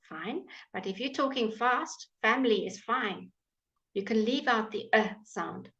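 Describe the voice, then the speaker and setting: Teaching pronunciation live online from her home, a woman patiently and slowly drills her students, saying each English word again for them to copy. Her fairly high voice is animated and a bit bright, though the computer-mic stream sounds muffled.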